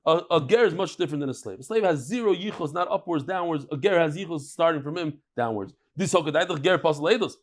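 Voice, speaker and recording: A middle-aged man leads a daily Talmud class in front of a live room of students. His voice sits fairly high, and he talks in an animated way, firing off questions and answering them himself. He breaks off now and then to banter with people in the room. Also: a little fast, few pauses. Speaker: Talmud teacher.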